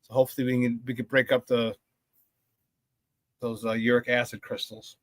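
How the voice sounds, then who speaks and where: A man hosting a casual morning sports radio show, talking with energetic, slangy hype. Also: mid-range voice, normal speed, dry recording, studio quality.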